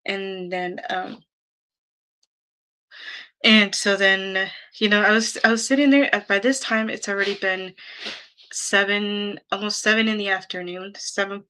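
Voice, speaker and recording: A woman's voice: mid-range voice, fairly even intonation, a little slow, pushed and bright, clear, resonant tone, rough recording. A young woman telling her viewers a personal story in a chatty, rambling way, full of "like" and "um". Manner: chatty, rambling, heavy use of "like" and "um". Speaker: YouTuber.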